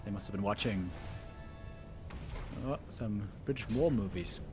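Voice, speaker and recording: A man co-casting a competitive strategy game, joking around and shouting when the action heats up. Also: on the low side, measured pace, soft background music. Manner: excitable, shouts at big plays, jokey. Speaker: esports caster. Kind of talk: casual game commentary.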